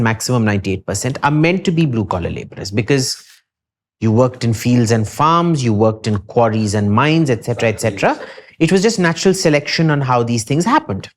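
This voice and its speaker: A man with an Indian accent, a podcast guest lecturing emphatically and with strong opinions in a casual discussion. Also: medium pitch.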